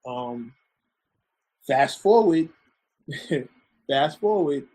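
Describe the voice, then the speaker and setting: Man, podcast guest, high voice, husky, animated casual storytelling, stumbles and repeats words. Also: extremely slow. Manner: animated, stammers and repeats words, swears freely.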